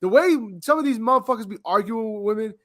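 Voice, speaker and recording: A man's voice: high-pitched, animated, fast, a bit bright. A man co-hosting a podcast, earnestly explaining himself at length in casual chat. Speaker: podcast co-host.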